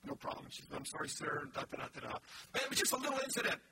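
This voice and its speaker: Male pastor, high-pitched, chatty sermon style full of asides; distant mic with noisy background. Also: big pitch swings, rapid-fire, sharp tone. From Canada. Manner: storytelling with many restarts and asides.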